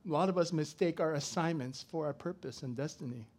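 A middle-aged man preaching a sermon, swinging from loud to soft as he tells a story. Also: on the high side, a little fast. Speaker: pastor.

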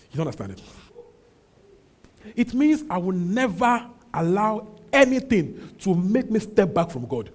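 A young man with a husky voice preaching a sermon as pastor, emphatic, repeating his phrases and swinging from loud calls to low asides.

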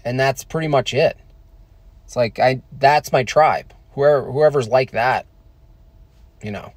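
An American man casually answering viewer questions on a stream, halting with many fillers and restarts. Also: mid-range voice, dry recording. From United States. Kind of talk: casual livestream chat.

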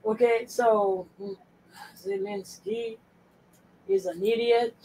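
A woman's voice: fairly high pitch, unhurried, pauses often, fairly bright tone, a little hiss or hum, poor audio. A woman co-hosting a podcast in casual chat, blunt and profane, muttering to herself as she sorts files. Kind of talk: casual chat while sorting files on screen.

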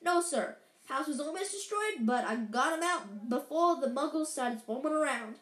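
A woman voicing a huge, gentle male giant who sniffles through rough, apologetic lines, read aloud from a storybook in an echoey room. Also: sits high, expressive, normal speed. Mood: earnest.

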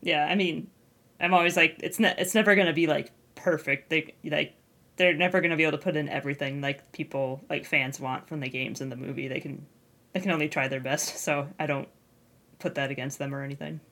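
A woman with a notably low voice chatting on a podcast. She muses tentatively and thinks out loud, unsure where her points will land. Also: fairly even intonation, brisk. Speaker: podcast co-host. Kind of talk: casual podcast chat.

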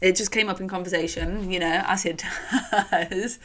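A woman's voice: on the low side, fairly even intonation, moderate pace, fairly bright tone. A young woman telling her own story in a chatty, candid podcast monologue, swearing casually and using lots of fillers. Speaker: podcast host.

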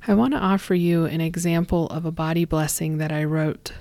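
A woman hosting a reflective talk and reading a gentle blessing, speaking slowly and softly, often trailing into a whisper. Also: sits low, fairly even intonation, no room sound. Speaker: podcast host.

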